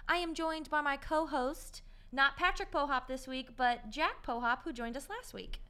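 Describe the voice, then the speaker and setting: A woman's voice: high-pitched, moderate pace, bright, forceful tone. A young adult woman hosting a podcast in chatty casual conversation, swearing lightly and laughing often. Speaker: podcast host. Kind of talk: casual chat.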